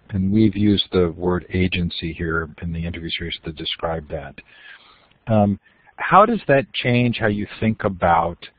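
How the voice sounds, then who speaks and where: Low-voiced male host on a phone line. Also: no echo. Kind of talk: interview questions.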